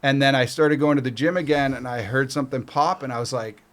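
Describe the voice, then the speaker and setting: This fast-talking middle-aged man from Canada has a medium-pitched voice. He's a guest telling a casual story, cursing a lot and performing the quotes as he goes.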